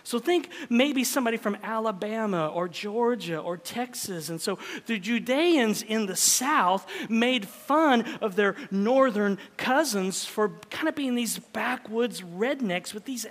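A male pastor preaching a sermon in a dramatic style, swinging between loud emphasis and hushed whispers. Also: extremely high pitch. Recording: long reverb of a large hall.

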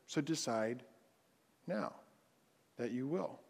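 A man, a pastor, preaching a sermon in a conversational way and softening his voice to recite scripture. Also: mid-range voice, expressive, takes it slowly, gravelly. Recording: long hall reverb.

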